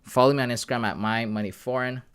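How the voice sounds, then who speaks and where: A man from Canada runs a live trading stream in a casual, hyped-up way, often calling his viewers guys and bro. His voice sits at an ordinary middle pitch. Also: steady tone, fast, a bit bright, clean tone. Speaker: trading livestream host.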